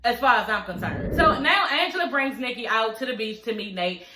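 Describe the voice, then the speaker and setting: A woman's voice: a little high, fairly quick, background noise. A young woman, casually recapping a TV episode and acting out the characters' lines as she goes. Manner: animated, acts out characters' lines while retelling. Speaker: TV episode reviewer. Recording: echoey room.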